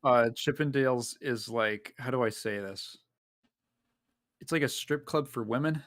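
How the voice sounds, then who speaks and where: Male stream guest, relaxed chatter, medium-pitched voice, chuckles a lot, reads out chat. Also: measured pace. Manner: laid-back, chuckling, reads chat aloud. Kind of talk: casual chat.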